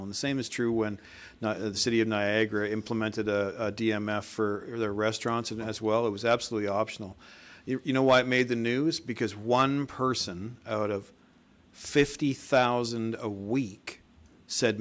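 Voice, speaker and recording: A man at a council meeting, assertive and making his case firmly. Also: fairly low pitch. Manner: assertive, argues a point with repeated quotes.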